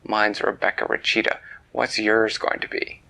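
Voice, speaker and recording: A man voicing a cheerful little girl with cheetah speed in a bedtime story, told in a gentle storybook way. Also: fairly low pitch, monotone, moderate pace, vocal fry, voice pushed down, poor audio. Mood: encouraging.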